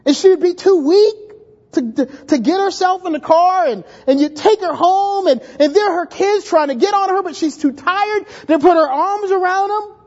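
A male pastor delivers a sermon with animated energy, often restarting his words and slipping into voices for his stories. The recording is dull and lo-fi. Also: extremely high pitch, moderate pace.

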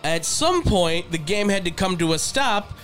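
A man co-hosting a casual sports podcast, rambling and animated, laughing often. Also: high-pitched, unhurried, music in the background. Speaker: podcast co-host.

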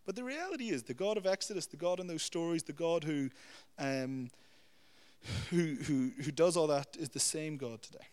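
A young adult man preaching a sermon, teaching with lively storytelling and checking in with "okay?" and "you know". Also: a little high, moderate pace. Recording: long hall reverb.

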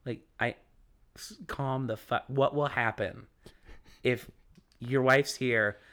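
A man's voice: mid-range voice, slow, smooth. Man, late twenties, casual storyteller, swears a lot, acts out the characters. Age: late 20s. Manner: profane, animated storyteller who acts out the people in his stories.

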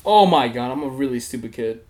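A man's voice: medium pitch, lively intonation, a little fast, a little mellow. A young man hosting a podcast, telling a story in casual chat, laughing often and swearing freely. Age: young adult. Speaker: podcast host.

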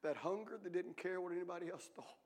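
A man preaching a sermon as pastor, telling folksy stories and swinging between hushed whispers and loud shouting. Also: sits high, fast talker. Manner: folksy storytelling.

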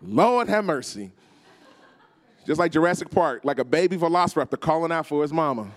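A man's voice: on the high side, a little fast. A man preaching a storytelling sermon as guest speaker, acting out voices and calling on the congregation to respond. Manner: animated, acts out voices, calls on the crowd.

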